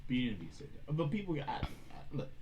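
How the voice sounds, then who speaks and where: A man's voice: on the high side, fast talker, muffled recording. A man co-hosting a podcast in casual chat, joking and swearing freely. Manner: animated, profane, joking. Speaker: podcast co-host.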